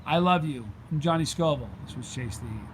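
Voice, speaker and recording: A middle-aged man chats casually to his viewers as a vlog host, rambling through a story with plenty of ums. His voice sits a little high. A faint hiss runs under the recording. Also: expressive, a little fast, rough recording. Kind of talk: casual livestream chat. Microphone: handheld gimbal camera.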